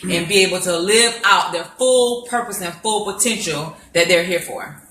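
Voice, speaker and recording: A woman with a lowish, bright-toned voice speaks gently and earnestly on a podcast. She keeps a measured pace, and the room echoes around her with a faint hiss. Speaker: podcast co-host. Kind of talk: podcast conversation. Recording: roomy echo.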